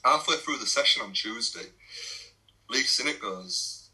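A man's voice: mid-range voice, animated, measured pace, sharp tone, poor audio. A young English man, a non-league footballer, telling laddish stories in a casual podcast chat, swearing and laughing as he goes.

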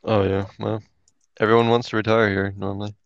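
Low gravelly man from Florida, teasing. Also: flat delivery, brisk, no room sound, muffled recording. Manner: laid-back, teasing, says bro. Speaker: chat participant. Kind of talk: casual online voice chat.

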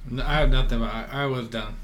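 A man's voice: medium pitch, fairly even intonation, brisk, fairly bright tone, a little hiss or hum. A man co-hosting a podcast, chiming in with short, laid-back, amused replies. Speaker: podcast co-host. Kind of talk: casual sports chat.

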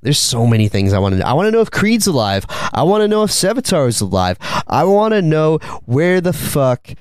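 Animated, excitable male podcast co-host. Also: fairly high pitch, fairly quick, clean tone, no echo, clean studio sound. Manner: excitable, rambling, laughs and swears a lot. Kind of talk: casual chat.

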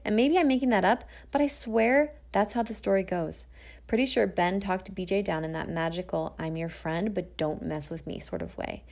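Gravelly woman telling a family story. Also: lowish voice. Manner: lively, playful, acts out the dialogue. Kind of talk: personal storytelling.

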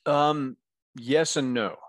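A man's voice: mid-range voice, steady tone, slow pace, no room sound. A man speaking as a guest coach in a casual podcast interview, talking candidly and encouragingly and often checking in with "right?". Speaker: guest, men's coach and author.

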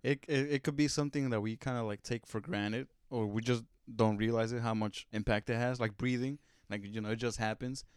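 Smooth-voiced, laid-back male podcast co-host. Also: mid-range voice, steady tone, a little fast, hardly any pauses, darkish tone, no echo, clean studio sound. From Spanish-speaking family in the United States. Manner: laid-back, laughs easily. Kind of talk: casual chat.

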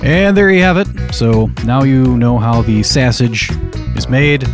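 A man's voice: mid-range voice, a little slow. A man hosting a podcast, signing off in a loose, jokey, rambling way. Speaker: podcast host. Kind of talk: casual podcast sign-off. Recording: music under the voice.

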